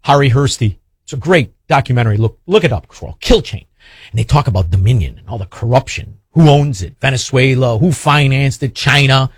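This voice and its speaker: A man's voice: medium pitch, expressive, fairly quick, slightly rough, dry recording, clean studio sound. A man hosting a radio talk show, ranting sarcastically and hurling insults at his opponents. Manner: sarcastic, mocking, hurls insults. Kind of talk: combative talk radio rant.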